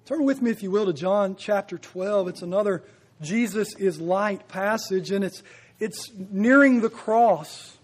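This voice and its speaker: A man's voice: sits high, measured pace. A man preaching a sermon, earnest and building to emphatic peaks, repeating his phrases.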